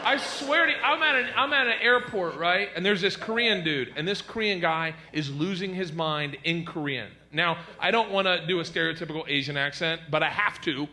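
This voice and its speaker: A man doing a stand-up comedy routine, loud and animated, jumping into silly voices. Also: high-pitched.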